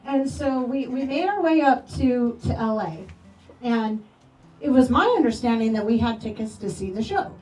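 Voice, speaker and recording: A woman telling affectionate, animated stories about a late friend at a memorial, acting out quoted lines. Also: on the high side, normal speed. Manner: animated storytelling with playful quoted voices. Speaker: memorial speaker. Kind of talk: eulogy storytelling. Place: memorial gathering hall. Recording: roomy echo, distant from mic, soft music.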